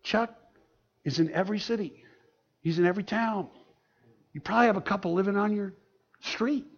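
A man preaching a sermon as pastor, telling a story in an animated way with laughter in it. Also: sits high, moderate pace, long pauses. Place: church. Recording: dull lo-fi sound.

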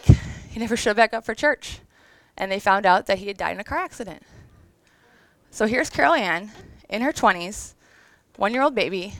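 A woman in her thirties speaks to an audience in a conversational, earnest devotional talk, emotional at times. Her voice is smooth and resonant, at an average pitch for a woman. The sound is dry and close, with no room echo. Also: fairly bright tone. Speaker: women's event speaker.

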